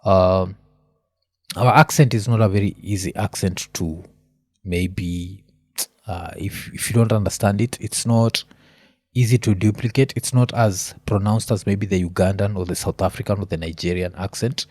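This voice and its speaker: A man's voice: on the low side, normal speed, no room sound. A Kenyan man hosting his own podcast, talking through the week's news in a loose, rambling rant full of ums and uhs. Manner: relaxed rambling rant with many fillers. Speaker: podcast host. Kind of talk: solo podcast commentary.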